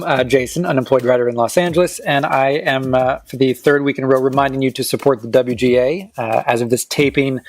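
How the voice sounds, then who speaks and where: A man co-hosting a podcast, speaking earnestly and hesitantly with many fillers. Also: medium pitch. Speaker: podcast co-host. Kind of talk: casual chat.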